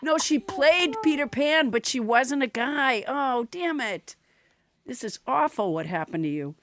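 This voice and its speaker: Teasing woman with a bright lively voice. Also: high voice. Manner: teasing, quick with jokes, laughs often. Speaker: host. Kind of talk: casual comedy chat.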